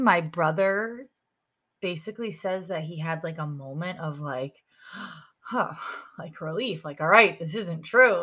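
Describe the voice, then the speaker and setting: A woman giving an emotional personal account to an interviewer, halting, with many fillers and restarts. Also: low-pitched, fairly bright tone. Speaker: interviewee, sister of a murder victim.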